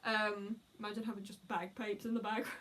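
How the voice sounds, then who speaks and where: A young woman vlogger, chatting excitedly and giggling as she tells a story with lots of fillers. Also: medium pitch, moderate pace, slight background noise. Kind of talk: casual chat.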